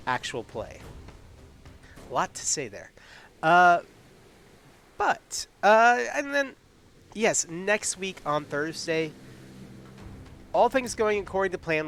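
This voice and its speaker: A man's voice: fairly high pitch, fairly bright tone, slight background noise. A man in casual live-stream chat, hosting as game master and making upbeat, chatty announcements.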